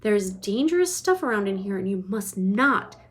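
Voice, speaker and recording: A woman voicing an eccentric, jolly male candy maker in a read-aloud storybook, in a brisk, theatrical manner. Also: medium pitch, big pitch swings, close to an everyday voice.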